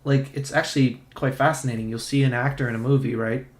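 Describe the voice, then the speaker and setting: A man's voice: mid-range voice, steady tone, fast talker. A young man streaming, giving casual, profane and sarcastic commentary in a ranting tone. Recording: roomy echo.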